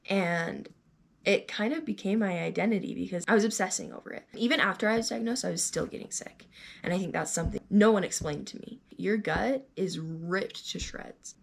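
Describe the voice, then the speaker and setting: Young woman vlogger, lower voice with a gravelly edge, candid, chatty delivery. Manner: candid, conversational, with fillers. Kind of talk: personal storytelling vlog.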